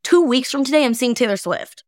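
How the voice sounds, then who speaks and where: A woman's voice: high voice, fairly quick, no echo, studio quality. A woman in her twenties co-hosting a podcast, rambling casually with lots of "like". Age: 20s. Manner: animated, rambling, frequent "like". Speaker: podcast co-host. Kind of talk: casual chat.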